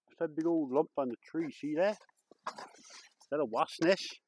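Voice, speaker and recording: A man vlogging outdoors in the woods, exclaiming excitedly and chatting to his viewers as he explores. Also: on the high side, measured pace, slight background noise, rough recording. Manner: excitable, lots of exclamations and chuckles. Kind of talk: casual vlog commentary.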